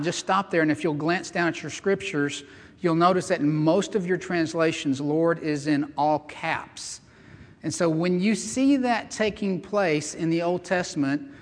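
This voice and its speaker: A man's voice: a little high, in a large hall. A man preaching a sermon as pastor, earnest and emphatic, mixing scripture reading with chatty asides. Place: church sanctuary.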